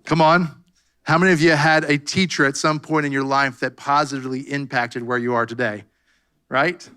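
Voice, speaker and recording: A man's voice: mid-range voice, fairly even intonation, normal speed, sharp tone, smooth. A man pastor preaching a fervent sermon, calling out "come on" and "amen" to his congregation. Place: church sanctuary.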